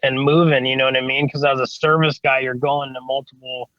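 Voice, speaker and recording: Brisk and fairly bright, a medium-pitched man's voice shows little pitch movement in a lo-fi, echo-free recording. The speaker, an HVAC service technician on a podcast, tells rambling stories casually, full of "you know what I mean" and casual swearing.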